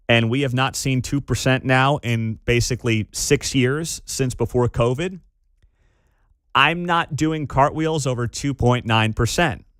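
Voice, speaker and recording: Opinionated talk radio host, dry studio. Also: male voice, medium pitch, no room sound. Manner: animated, opinionated, quick laughs. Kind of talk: morning talk radio commentary. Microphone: studio microphone.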